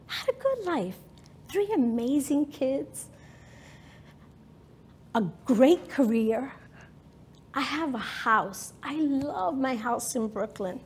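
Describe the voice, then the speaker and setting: A woman's voice: high-pitched, animated, slow pace, long pauses, a little hiss or hum. A woman in her fifties from New York, telling a personal story in a talk with dramatic, emotional present-tense narration. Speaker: speaker.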